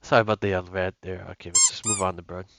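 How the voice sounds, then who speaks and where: Over a lo-fi track with music and mains hum, a young man gives casual commentary on gameplay as a gaming YouTuber. His deep voice is steady and quick, and he rambles, using many fillers and restarting sentences.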